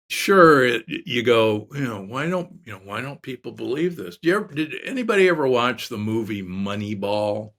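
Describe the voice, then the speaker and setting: An older man, a doctor guest in an interview, telling stories in a lively way with lots of restarts. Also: mid-range voice, creaky. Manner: animated storyteller with many restarts. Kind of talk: casual interview storytelling.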